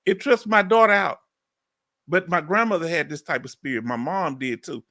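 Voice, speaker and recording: A middle-aged man with a strong Southern accent from Texas, loudly and folksily chatting live with his viewers as host. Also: fairly high pitch, moderate pace. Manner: loud and folksy, reads out viewer comments. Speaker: livestream host. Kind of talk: casual live chat with viewers.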